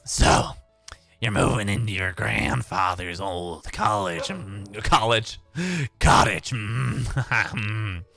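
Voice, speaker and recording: A man's voice: lowish voice, vocal fry, pushed and bright, no echo, faint music behind, voice pushed down, exaggerated voice. A man voicing a creepy old village mayor who drags out his words and rolls his Rs. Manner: slow, drawn out, rolled R.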